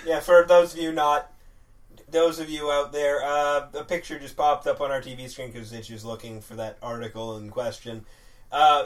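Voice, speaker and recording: A man's voice: medium pitch, fairly bright tone, recorded from a distance. A man co-hosting a casual podcast chat, rambling and joking with friends. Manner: laughing, jokey, rambling. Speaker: podcast co-host.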